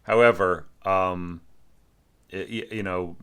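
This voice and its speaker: A man's voice: sits low, fairly even intonation, slow pace, a bit bright, smooth. A man giving a casual, chatty critique of an orchestration, with lots of "you know" and "like" and sung-out notes. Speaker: orchestration teacher giving feedback. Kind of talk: casual spoken critique of a score.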